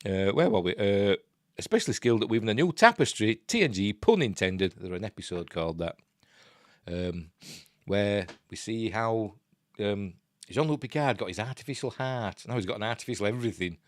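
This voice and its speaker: A man's voice: on the low side, lively intonation, normal speed, dry recording, clean studio sound. A man with a Yorkshire accent, hosting a casual news live stream and reading out articles with chatty asides. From Yorkshire, England. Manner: chatty and digressive, breaks off into asides.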